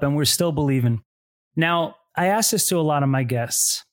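A male host leads a sit-down interview, his voice sitting a little high for a man. He gets openly emotional and choked up as he frames his questions. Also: normal speed, no echo, studio quality. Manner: emotional, choked up while asking. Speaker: podcast host.

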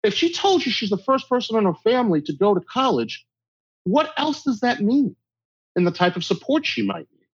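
A man's voice: high-pitched, big pitch swings, moderate pace, husky, no room sound. A middle-aged man talking bluntly and emphatically in an interview, giving tough-love advice. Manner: blunt, emphatic tough-love delivery, acts out quoted exchanges. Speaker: guest speaker. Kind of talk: conversational interview talk. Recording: dull lo-fi dry recording.

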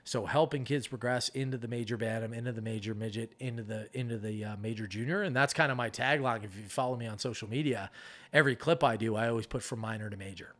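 A man's voice: medium pitch, quick pace. A middle-aged man coaching goalies, talking through his methods in a casual interview and acting out arguments. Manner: animated explaining, acts out arguments.

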